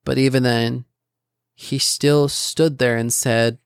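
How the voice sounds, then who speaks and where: Earnest man with a gravelly voice. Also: medium pitch, steady tone, slow pace, no room sound, clean studio sound. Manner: earnest, rambling, with restarts and asides. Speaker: podcast host. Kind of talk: casual Christian podcast reflection.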